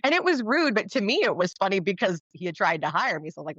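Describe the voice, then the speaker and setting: A woman's voice: expressive, quick pace, a bit bright, no echo. Chatty woman guest, dull dry sound. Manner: chatty, laughs often, acts out quotes in a higher voice. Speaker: podcast guest. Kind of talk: casual interview conversation.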